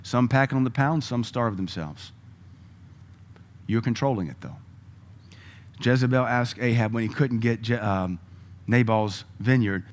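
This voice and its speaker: Animated preacher man. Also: normal speed. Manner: animated, swings from loud emphatic lines to low quiet asides; laughs often, conversational asides to the congregation. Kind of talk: sermon.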